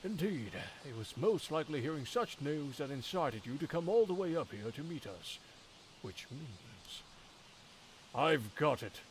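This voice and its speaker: A showy, self-important gentleman with a put-on standard British accent, voiced by a man reading a game aloud, pitched a touch high and swooping all over as he holds forth in wordy, theatrical phrases. His voice rises and falls dramatically with every grand pronouncement. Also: very animated, unhurried, slight background noise, poor audio. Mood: smug. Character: flamboyant theatrical middle-aged man, showy would-be detective.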